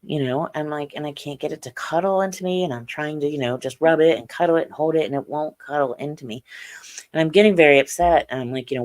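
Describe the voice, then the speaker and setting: Slow, halting middle-aged woman recounting. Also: low-pitched, darkish tone. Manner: slow, halting recounting with many fillers and restarts. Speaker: guest. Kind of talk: personal storytelling in an interview.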